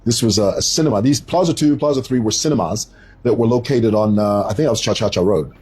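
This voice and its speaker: A middle-aged man giving opinionated commentary, animated and storytelling, stretching words for emphasis. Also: fairly low pitch, fast talker, breathy edge, low-quality recording. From Zambia.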